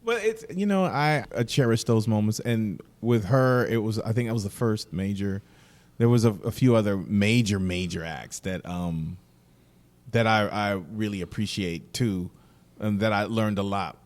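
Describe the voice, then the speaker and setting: Reflective low-voiced male musician guest. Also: a little mellow. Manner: reflective, halting, many fillers. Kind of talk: casual interview chat.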